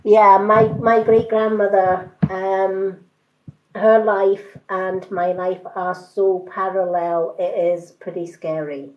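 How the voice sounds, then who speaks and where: Slow-talking woman with a mixed British accent. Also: mid-range voice, flat delivery, highs cut off, a little hiss or hum. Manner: unhurried, hesitant with many ums, reassuring. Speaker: tarot card reader. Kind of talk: live-stream reading chat.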